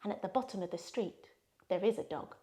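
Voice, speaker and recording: A woman's voice: medium pitch, brisk, mellow. A woman leading a playful children's yoga session, telling a story with sound effects. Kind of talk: guided kids' yoga story.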